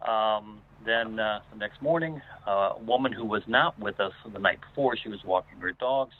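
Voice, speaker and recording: Lower-voiced man on a tinny phone line. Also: normal speed. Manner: rambling, many "uh"s and restarts. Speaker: guest paranormal investigator. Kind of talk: casual spoken storytelling.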